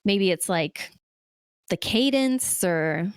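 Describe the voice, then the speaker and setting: A woman's voice: mid-range voice, lively intonation, slow, smooth, no room sound, studio quality. A woman co-hosting a podcast, chatting casually about a movie with lots of fillers. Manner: chatty, rambling with many fillers. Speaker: podcast co-host. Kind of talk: casual movie review chat.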